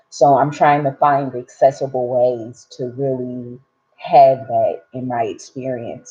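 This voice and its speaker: A woman's voice: extremely low pitch, dark tone. A woman hosting a live gratitude session, chatting casually and rambling with lots of fillers. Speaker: host of a live gratitude practice. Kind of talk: casual live-stream chat. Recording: dull lo-fi sound.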